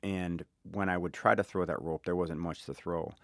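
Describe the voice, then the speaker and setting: A middle-aged man from Chicago with a South Side accent, a guest author talking thoughtfully in an interview, often pausing and restarting. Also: sits low, fairly even intonation, creaky, no room sound, studio quality. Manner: thoughtful, halting, many restarts. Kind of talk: reflective interview talk.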